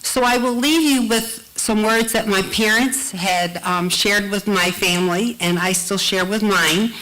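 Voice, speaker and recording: A woman telling a heartfelt personal story to an audience at a live storytelling event, slowing down to lean on key phrases. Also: medium pitch, fairly bright tone, rough recording. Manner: heartfelt, slows for emphasis.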